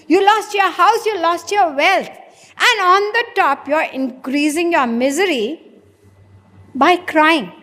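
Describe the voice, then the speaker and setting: A woman's voice: very high-pitched, fairly bright tone. A woman giving a sermon, asking the audience rhetorical questions and answering them herself. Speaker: spiritual preacher. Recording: long hall reverb.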